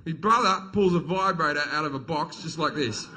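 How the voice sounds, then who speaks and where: A middle-aged man does stand-up, spinning a crude, swear-laden family story. His voice sits high and rings bright. He tells it in an animated way. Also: brisk. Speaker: stand-up comedian. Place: comedy stage.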